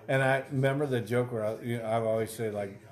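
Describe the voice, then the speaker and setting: A man in his forties hosts a podcast among friends, telling rambling stories full of swearing and laughter. His voice sits at an ordinary middle pitch, loose and conversational. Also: steady tone, fast, soft background music. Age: 40s. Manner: profane, laughing, rambling storyteller. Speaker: podcast host. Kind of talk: casual banter among friends.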